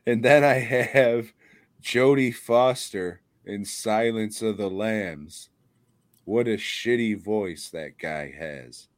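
A man's voice: lowish voice, slow, dry recording. A man co-hosting a horror podcast in casual comedic chat, profane and mocking, laughing often. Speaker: podcast co-host.

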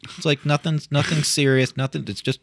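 A man's voice: fairly high pitch, fairly even intonation, fairly quick, vocal fry, dry recording. A man co-hosting a podcast in casual chat, easygoing and agreeing, with dry asides. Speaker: podcast co-host.

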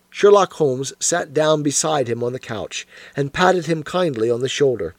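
A man narrating a story in a measured, expressive way. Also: medium pitch, no echo. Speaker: audiobook narrator.

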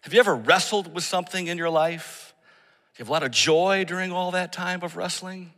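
A man preaching a sermon as pastor, swinging from raised, emphatic lines to hushed, prayerful murmurs. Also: high voice, brisk, long reverb tail. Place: church service that is also streamed online.

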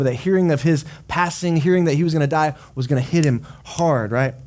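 During a church service, a pastor with a fairly high-pitched voice preaches a sermon. He tells the story conversationally and with animation, voicing dramatic quotes along the way.

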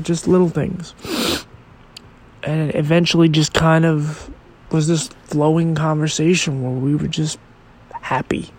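A man hosting a podcast episode, telling a personal story in a halting, reflective and emotional way. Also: a little high, darkish tone. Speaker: podcast host.

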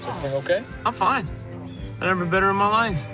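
An actor playing a jittery man who insists he is fine, over loud music. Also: sits high, expressive, fast talker. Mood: frantic.

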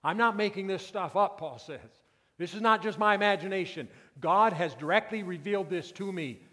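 A male pastor preaching a sermon, moving from quiet, intimate passages to loud, emphatic peaks. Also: sits high, moderate pace. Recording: long reverb of a church hall.

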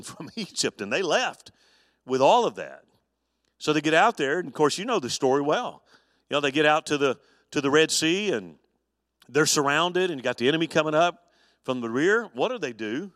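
A man, a pastor, teaching an evening adult Bible study in a folksy, animated storytelling way with touches of humor. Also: on the high side, no room sound, studio quality, big-room sound.

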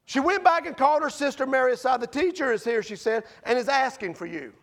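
With lively intonation and a fast pace, a male preacher's unusually high voice climbs and plunges through his sermon, edged with gravel. He swings sharply between loud and quiet while pelting the congregation with rhetorical questions.

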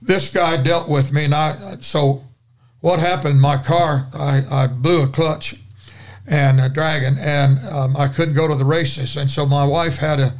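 An older preacher tells his story in a folksy, dramatic way, starting over now and then as he goes. His voice sits fairly high for a man, and he talks like he is chatting across a table on a podcast. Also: steady tone, measured pace. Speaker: guest preacher.

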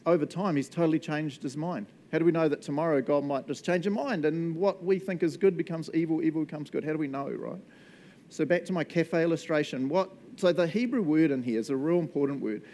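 A man's voice: on the high side, a little mellow, a little hiss or hum. A young adult man with a New Zealand accent, preaching a casual, playful sermon as pastor and acting out customers in silly voices.

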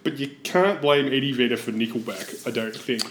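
A man's voice: mid-range voice, a little fast, a bit bright, echoey room, a little hiss or hum. A man in casual podcast chat who hedges his points and chuckles as he talks. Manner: hedging, chuckles between points.

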